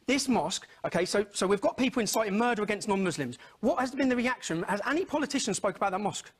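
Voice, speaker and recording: Fast, high-pitched insistent man. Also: expressive, breathy edge. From Luton, England. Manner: insistent, talks over the other man, keeps demanding to finish. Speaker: studio guest. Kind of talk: heated live TV debate. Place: TV studio.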